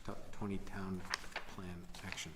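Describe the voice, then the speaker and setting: A man's voice: low-pitched, completely flat delivery, normal speed. A man chairing a town board meeting with brief, procedural remarks. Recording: echoey hall with loud noise.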